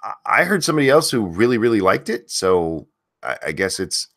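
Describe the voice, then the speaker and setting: A man hosting a casual live stream, loudly calling out viewers' names and talking frankly with mild swearing. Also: fairly low pitch, sing-song, a little fast. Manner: loudly calls out viewer names, then drops back to easy talk. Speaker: host of a live stream show.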